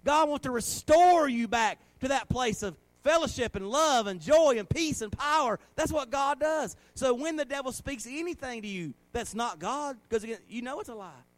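A man, a pastor preaching a sermon and leading a prayer, swinging between loud exhortation and soft, earnest prayer. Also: very high voice, lively intonation, normal speed, few pauses, no room sound.

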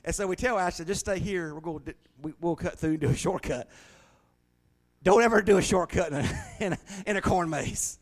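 A middle-aged man preaching a sermon, telling folksy stories that swing from hushed to loud. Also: high voice, a little fast. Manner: folksy storytelling, shifting from hushed to shouting. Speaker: pastor.

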